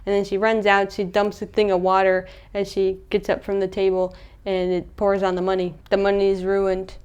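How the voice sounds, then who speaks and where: Young woman, movie recap, chatty and animated with a smooth, clear voice, mid-range pitch. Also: normal speed. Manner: chatty, animated, acts out characters' lines. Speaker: movie reviewer.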